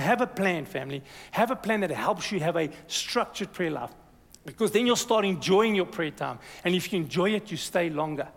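A high-pitched male pastor preaches with lively energy, urging the congregation on and asking for their "amen." His voice rings through a church hall with a long, reverberant tail. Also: creaky. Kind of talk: sermon.

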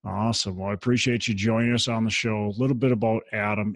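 Podcast host guy, lowish voice, reads the intro w/ little stumbles, super dry audio. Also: dry recording. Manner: friendly, reads with small restarts. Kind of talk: interview hosting, reading a guest bio.

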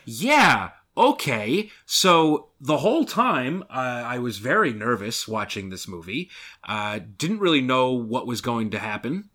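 A man's voice: mid-range voice, sing-song, measured pace, bright, forceful tone. A man co-hosting a movie podcast, chatting casually and gushing enthusiastically about films. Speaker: podcast co-host.

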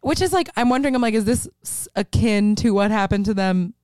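A woman's voice: medium pitch, fairly quick, darkish tone, clean tone, no room sound. Giggly, gushing woman podcast host. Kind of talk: casual film-recap chat.

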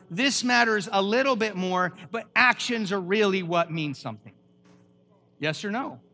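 A man preaching a lively sermon at a church, emphatic and quizzing the congregation with questions. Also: high voice. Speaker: pastor.

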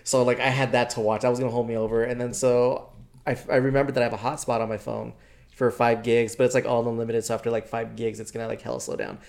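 A man's voice: mid-range voice, quick pace, gravelly. Young male podcast co-host, loose slangy storyteller, swears a lot, does the other people's lines. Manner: animated, slangy, swears freely, acts out quoted dialogue. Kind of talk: casual storytelling chat.

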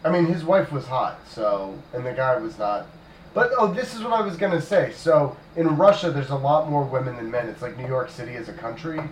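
A man's voice: mid-range voice, animated, brisk. Joking man telling stories in an echoey room. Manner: joking, rambling storyteller. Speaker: podcast co-host. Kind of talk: casual podcast banter. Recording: echoey room, distant mic, faint noise.

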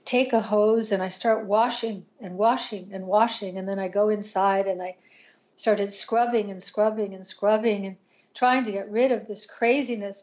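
An older woman, a podcast guest, tells a painful personal story in an earnest, halting way, with restarts and pauses. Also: mid-range voice, darkish tone, lo-fi sound.

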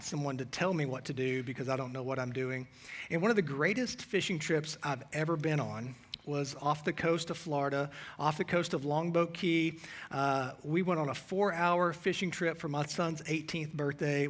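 A middle-aged man speaks as a pastor in a church sanctuary, his voice sitting a touch high. He preaches in a loose, conversational style, poking gentle fun at himself. He then reads scripture aloud in a steadier voice. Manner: conversational, self-deprecating storytelling. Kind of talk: sermon.

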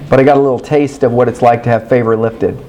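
A man preaching a sermon, telling a personal story in an animated, candid, self-mocking way and acting out his own past dialogue. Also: medium pitch, fast, low-quality recording.

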